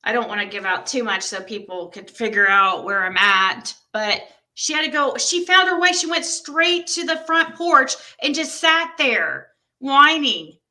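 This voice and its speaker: A young woman hosting a livestream, telling a story in casual chat and reacting to comments with animated exclamations. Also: high-pitched. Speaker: livestream host.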